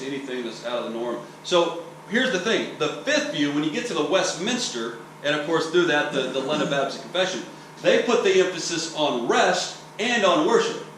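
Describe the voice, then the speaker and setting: A man's voice: on the high side, a bit bright. A preacher from Texas giving a teaching sermon in a conversational, explanatory way, often checking in with "okay?" and restarting his sentences. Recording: roomy echo, distant mic, faint hiss.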